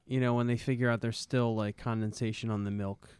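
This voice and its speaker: A man's voice: mid-range voice, level tone, a little fast, a little mellow, clear, resonant tone, no echo. A man co-hosting a casual film podcast, rambling through his thoughts with lots of "you know". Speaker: podcast co-host.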